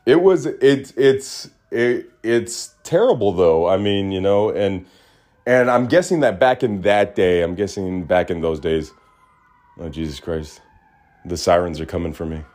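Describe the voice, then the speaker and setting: A man hosting a podcast in a small studio, talking in an animated, ranting way that drops to low mutters. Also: unhurried. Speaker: podcast host. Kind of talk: casual ranting monologue.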